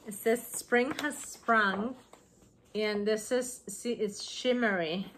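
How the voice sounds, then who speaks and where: A woman chatting excitedly on her home craft vlog, gushing over gifts she received. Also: mid-range voice, slight background noise. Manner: gushing, excited, slow-paced. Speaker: craft vlogger. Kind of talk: casual vlog chat.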